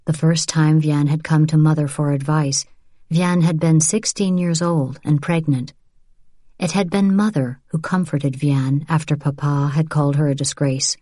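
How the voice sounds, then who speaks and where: A woman in measured, unhurried scripted audiobook narration. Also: sits low, steady tone, dark tone, no room sound, clean studio sound.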